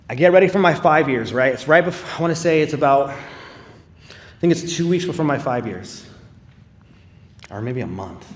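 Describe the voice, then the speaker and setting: A man giving a live testimony in church, telling his story in an earnest, conversational way with casual fillers. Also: medium pitch. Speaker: speaker sharing a personal testimony.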